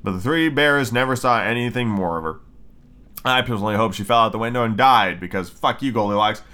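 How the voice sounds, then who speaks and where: A man's voice: fairly low pitch, brisk, bright, forceful tone. A man hosting a podcast, casually reading a storybook aloud and breaking off for irreverent, profane commentary. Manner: irreverent, swears freely. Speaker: podcast host.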